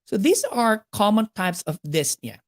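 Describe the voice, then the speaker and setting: A woman's voice: medium pitch, very animated, unhurried. A woman with a Filipino accent giving a nursing exam lecture, mixing English with Tagalog and checking in with "okay?" after each point.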